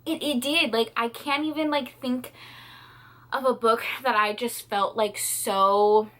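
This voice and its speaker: A woman's voice: a little high, steady tone, unhurried, fairly bright tone. A young woman in a reading vlog, tearful and rambling, repeating herself and swearing as she talks about a book. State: tearful, crying. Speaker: book vlogger. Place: at home, indoors.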